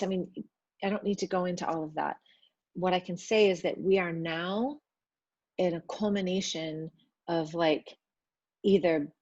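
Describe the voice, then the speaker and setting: Woman spiritual speaker, lowish voice, chatty and filler-heavy, dry dull recording. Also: no echo. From Italian family background. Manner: loose and chatty, with many fillers; works at speaking gently. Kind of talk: casual spiritual talk to viewers.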